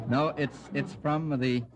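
A man's voice: mid-range voice, noisy background. A man hosting a radio quiz show, genially quizzing the panelists by name and adding wry remarks. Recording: muffled 1940s radio broadcast.

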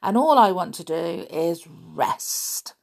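A woman's voice: on the low side, sing-song, slow pace, creaky. A woman chatting playfully to listeners before reading a children's story aloud as a parent. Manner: playful, chatty, laughs often. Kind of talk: casual chat and storybook reading.

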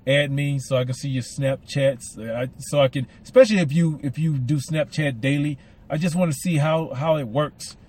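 A man's voice: on the high side, moderate pace, darkish tone. A man with a Southern American accent hosting a casual podcast, rambling and repeating words, with a slight lisp from mouth aligners. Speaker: podcast host. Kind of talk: casual solo podcast monologue.

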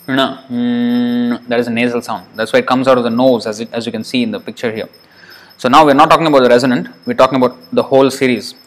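A man's voice: medium pitch, a bit bright. Man teaching Sanskrit sounds patiently. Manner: patient, repeats sounds slowly for students. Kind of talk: slide-based online lesson.

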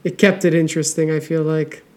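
A man's voice: a little high, little pitch movement, fairly quick, darkish tone. A man co-hosting a podcast in casual chat, talking loosely and swearing freely. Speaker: podcast co-host.

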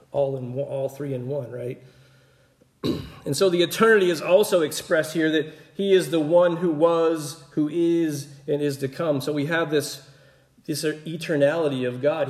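Mellow man teaching in an echoey room. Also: a little high. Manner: relaxed, explanatory, often checks in with "right?". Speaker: Bible teacher. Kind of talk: conversational Bible teaching.

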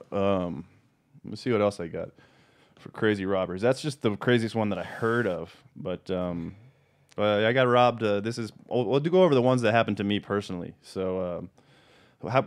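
A man hosting a casual podcast, telling stories about his cannabis dispensary in a profane, animated way. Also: lowish voice. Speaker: podcast host and dispensary owner.

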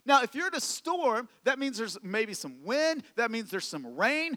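High, bright-voiced pastor preaching in a hall. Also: male voice, animated, a little slow, hardly any pauses. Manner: conversational preaching with rhetorical questions and repetition. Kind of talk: sermon.

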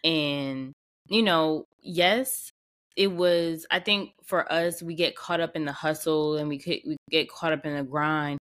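Woman, podcast host, slightly low pitch, casual motivational talk, repeats phrases, laughs often. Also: steady tone, unhurried, a bit bright.

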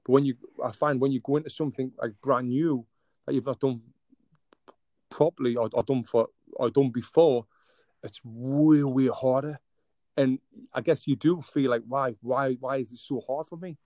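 A friendly man with an English accent who calls people mate and laughs easily while he chats. His voice sits at an ordinary middle pitch. The recording is dry and close, with no room sound. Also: steady tone, normal speed, dark tone, no echo. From England. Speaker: boxing coach, guest. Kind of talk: casual interview chat.

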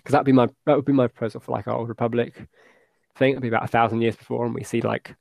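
A man's voice: medium pitch, level tone, very fast, creaky, darkish tone, no echo. A man co-hosting a casual podcast, rambling through his thoughts with lots of restarts and fillers. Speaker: podcast co-host.

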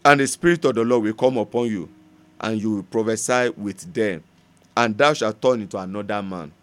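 A man preaching a sermon, emphatic, moving between loud proclamation and soft prayer and laughing often as he tells stories. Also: on the low side, a little fast.

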